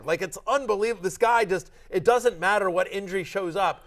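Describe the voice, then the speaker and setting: A middle-aged man hosting a casual sports podcast, talking in an animated, joking way with quick restarts. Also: high voice. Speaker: host.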